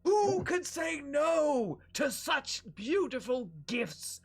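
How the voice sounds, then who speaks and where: A man voicing a grandiose villainous male cult leader who makes booming, theatrical proclamations. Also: big pitch swings, takes it slowly, vocal fry, full character voice.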